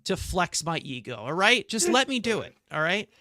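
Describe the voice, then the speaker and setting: A man's voice: sits high, very animated, normal speed, bright, forceful tone, no room sound, studio quality. A man with a New York accent co-hosting a sports podcast, ranting and swearing as he airs his frustration. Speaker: podcast co-host. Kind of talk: heated sports reaction talk.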